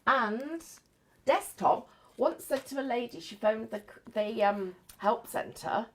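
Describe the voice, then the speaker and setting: A woman's voice: a little high, animated, slow pace. A woman hosting a live craft show, chatting in a rambling, giggly way. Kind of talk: live crafting demonstration chat.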